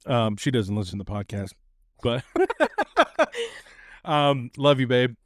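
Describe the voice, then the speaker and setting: A man hosting a podcast, chatting in a relaxed way and laughing easily. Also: medium pitch, slow, no room sound, clean studio sound. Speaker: podcast host. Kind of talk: casual chat. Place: outdoor patio.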